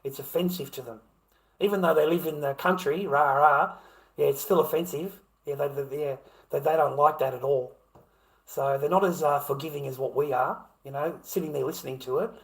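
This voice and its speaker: Gravelly Australian man, blunt and profane. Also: on the high side, a little fast, rough recording. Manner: blunt and profane, with frequent stammering restarts. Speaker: live streamer. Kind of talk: casual live-stream chat.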